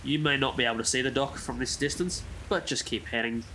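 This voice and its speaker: A man's voice: medium pitch, brisk, sharp tone, a little hiss or hum. Easygoing man narrating gameplay. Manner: easygoing, chatty, rambles into asides. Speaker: gaming YouTuber. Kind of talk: casual game walkthrough commentary.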